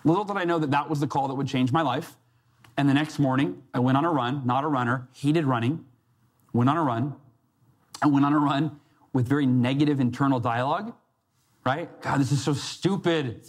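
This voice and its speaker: Speaking at a fairly quick clip with a medium-pitched voice, this man is a success coach giving a motivational talk to a live crowd. He shares a personal story and performs the quoted voices himself.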